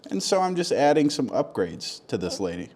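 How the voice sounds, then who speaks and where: A man's voice: medium pitch, sing-song, moderate pace, background noise. A young man delivering a crude, mock-earnest comedic monologue, rambling and swearing as he talks to the camera. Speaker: comedy vlogger.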